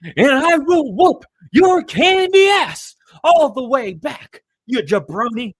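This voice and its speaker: A man doing an impression of a boastful, trash-talking male pro wrestler, shouted with swagger. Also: extremely high pitch, sing-song, slow pace, no room sound, studio quality, voice pushed up, exaggerated voice. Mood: taunting.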